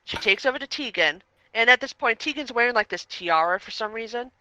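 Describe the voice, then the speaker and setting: A woman co-hosting a podcast in casual review chat, animatedly recapping the plot with quick interjections. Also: on the high side, expressive, bright, forceful tone, poor audio. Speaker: podcast co-host.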